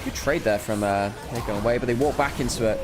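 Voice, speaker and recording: A man's voice: mid-range voice, quick pace, over music. A man from Wales doing laid-back color commentary on an esports match, analytical and full of small hesitations. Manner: relaxed analytical, hesitant fillers. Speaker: esports caster.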